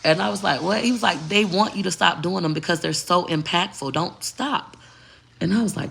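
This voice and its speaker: A woman's voice: fairly low pitch, moderate pace, creaky, a bit bright, husky. A middle-aged woman vlogging in brash, emphatic casual talk, repeating her points.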